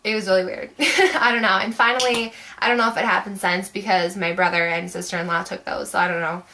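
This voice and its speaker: Young woman vlogging, rambly and chatty, lots of "like", bright clear voice. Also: medium pitch, steady tone, brisk, slight background noise, low-quality recording. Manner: chatty, rambling, many "like" fillers. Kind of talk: casual storytelling to camera.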